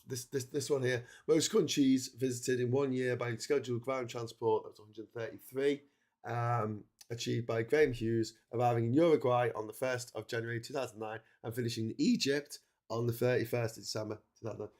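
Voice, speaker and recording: A middle-aged man chats loosely to his livestream viewers, with a cold in his voice. He rambles, stops and restarts his sentences, and fills the gaps with ums and uhs. His voice sits in an ordinary middle pitch. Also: steady tone, brisk, darkish tone. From England. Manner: rambling, many fillers and restarts. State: has a cold. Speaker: livestream host. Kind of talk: casual livestream chat.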